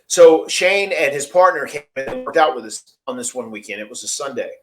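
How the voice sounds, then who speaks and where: Podcast host, man, rambling casual storyteller, mid pitch. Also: expressive, moderate pace, a bit bright, soft background music. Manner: chatty, rambling, laughs often.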